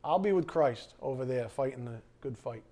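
A middle-aged man preaching a sermon as pastor, animated, acting out quoted voices and sometimes shouting. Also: medium pitch, normal speed.

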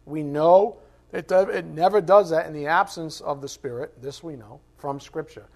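A man's voice: fairly high pitch, moderate pace, vocal fry, darkish tone. A man teaching a Bible class in a conversational way, asking rhetorical questions and acting out quoted voices. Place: classroom with a board.

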